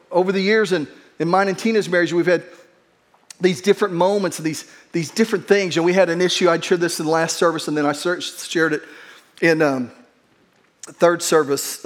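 A middle-aged pastor preaches a conversational sermon, sharing a humorous personal story in an earnest, self-deprecating way. His voice is on the high side and brisk.

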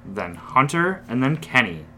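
A young man with a bright, forceful voice at an even middle pitch, co-hosting a laid-back podcast. He chats casually, restarts his words and counts out scores. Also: measured pace, faint music behind. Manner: relaxed, restarts words, tallies scores aloud. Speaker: podcast co-host running the draft.

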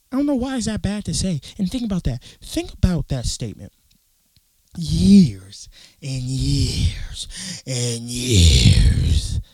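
A young man talking on a casual podcast, telling stories with a lot of swearing, acting out what people said and breaking into sudden loud outbursts. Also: fairly high pitch, creaky, no room sound. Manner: animated, profane storytelling with acted-out quotes and sudden loud outbursts. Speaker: podcast co-host.

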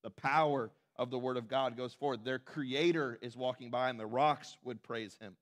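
A pastor with a mid-range voice preaches conversationally at a moderate pace, his intonation fairly even. He makes asides to the congregation and acts out the quotes he tells.

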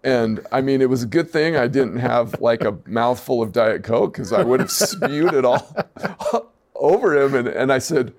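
A middle-aged man, a former high school coach, telling a story on a podcast with rambling, self-mocking humor. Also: expressive, measured pace. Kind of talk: casual storytelling chat.

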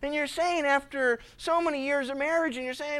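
A man preaching a sermon as a pastor, telling Bible stories lively and acting out the characters, often repeating and restarting his words. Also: very high voice, fairly quick, hardly any pauses.

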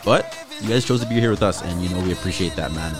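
A man's voice: sits low, fast talker, over music. A young man hosting a casual podcast with a laid-back, slangy way of talking. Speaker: podcast host. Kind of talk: casual chat.

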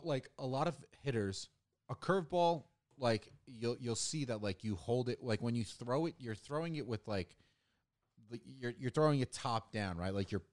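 A young man co-hosting a casual podcast chat, rambling with lots of "like," restarts and swearing. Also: mid-range voice. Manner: rambling, profane, many restarts and fillers. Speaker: podcast co-host.

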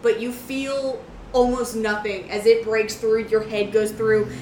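A woman game master narrating a tabletop session, her voice sitting a little high and ringing in an echoey room. She talks lively and loose, swearing and laughing often. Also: measured pace, slight background noise. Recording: roomy echo.

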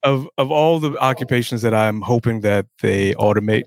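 A man's voice: mid-range voice, normal speed, no room sound. A man, joking wryly and swearing in a casual podcast chat. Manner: wry, profane, laughs often. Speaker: podcast co-host.

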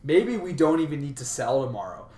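Guy chatting with buddies, slightly high voice, kinda far from the mic, echoey. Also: big pitch swings, a little fast, warm tone. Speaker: co-founder and personal trainer. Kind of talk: casual chat. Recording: roomy, from off-mic.

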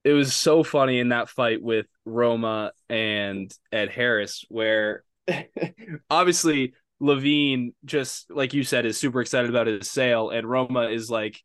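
A man's voice: mid-range voice, a little slow, fairly bright tone, clear, resonant tone, dry recording, studio quality. A young man co-hosting a casual movie review podcast, laughing often and talking in easy stops and starts. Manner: laughs often, hesitant with restarts. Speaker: podcast co-host. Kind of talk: casual chat.

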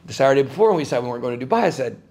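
A man's voice: medium pitch, lively intonation, racing, darkish tone, slightly rough. A man as an interview guest before a live audience, telling a story in an emphatic, rambling way, his voice jumping up sharply when he gets worked up.

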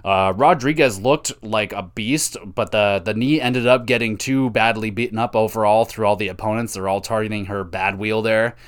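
A man's voice: fairly low pitch, fairly even intonation, moderate pace, few pauses, smooth. A man hosting a podcast, casually recapping a wrestling show on his own, chatty and swearing, cheering for his favorite wrestlers.

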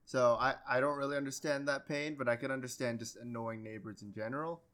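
A man's voice: medium pitch, steady tone, fast, fairly bright tone. A man in casual chat, listening easily and reacting with sympathy.

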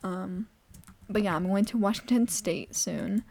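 A teenage girl chatting fast and opinionated in a casual vlog, rambling with lots of "like" and shifting between a harsher voice and a softer, airy one. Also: mid-range voice, vocal fry. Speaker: vlogger. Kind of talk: casual chat over gameplay.

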